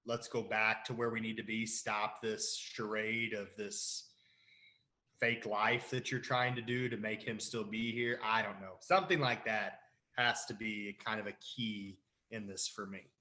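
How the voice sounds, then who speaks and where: A man's voice: fairly low pitch, steady tone, measured pace, pushed and bright. A man co-hosting a casual recap chat, quoting lines and laughing as he goes. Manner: laughing, quotes lines with a grin. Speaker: podcast co-host.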